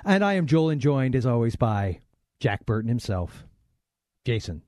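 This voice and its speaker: A man's voice: medium pitch, sing-song, normal speed, a little mellow, no echo, clean studio sound. Teasing, rambling male podcast host. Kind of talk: casual podcast banter.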